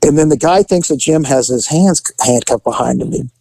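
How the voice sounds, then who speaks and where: A middle-aged former police officer tells a rowdy story in casual chat, his voice gravelly and pitched a bit high. He laughs, swears and acts out the people he quotes. The sound is dry and close. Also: normal speed, warm tone, no echo, poor audio. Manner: profane, laughing often.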